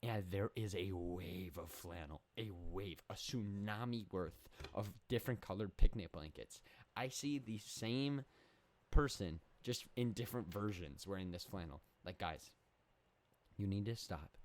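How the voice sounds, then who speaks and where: A young man delivers a comedic solo monologue with mock-serious confidence. He rambles, doubles back and corrects himself. His voice sits on the low side. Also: a little slow. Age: young adult. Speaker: podcast host.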